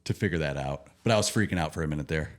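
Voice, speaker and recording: A man's voice: rumbling low, racing. A man in his thirties, co-hosting a podcast, telling a rambling story with jokes and plenty of swearing. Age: 30s. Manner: rambling, joking, swears freely. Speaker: podcast co-host. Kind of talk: casual chat, storytelling.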